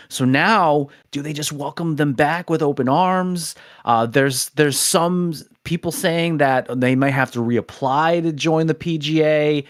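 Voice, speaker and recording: A man in a middle pitch co-hosts a chatty podcast among friends. He reads out topic intros, then falls into loose talk full of restarts. His voice sits close and dry, with no room sound. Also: no room sound. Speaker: podcast co-host. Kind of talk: casual chat.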